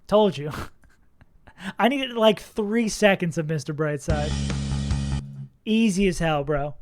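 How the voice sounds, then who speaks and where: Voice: mid-range voice, expressive, measured pace. A young adult streamer chatting casually with viewers and reacting aloud while playing a game. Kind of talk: casual gaming stream chat. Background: faint music.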